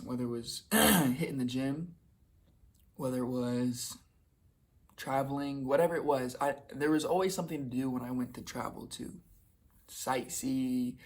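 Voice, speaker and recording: A young man in his twenties telling a personal story in a loose, casual way, full of slang and swearing. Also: mid-range voice. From United States. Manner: casual and profane, with slang and restarts. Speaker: vlogger.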